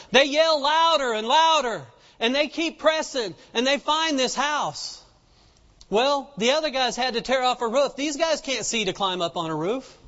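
A man's voice: very high voice, a bit bright. A man preaching a sermon in a folksy storytelling way, acting out the people in the story as he goes. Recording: dull lo-fi sound with long reverb.

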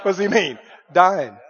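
A man preaching a lively sermon, dropping to hushed asides and rising to shouts. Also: high-pitched, muffled recording.

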